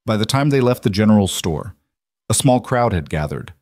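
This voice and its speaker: A man narrating a scripted western story in even, steady storytelling. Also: lowish voice, moderate pace, no echo, studio quality.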